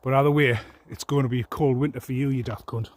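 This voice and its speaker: A man delivers a long, rambling vlog rant, swearing freely and sounding deeply aggrieved. His voice sits in an ordinary middle pitch and has a husky, rough edge. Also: steady tone, fast talker, darkish tone. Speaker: vlogger. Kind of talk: angry personal rant.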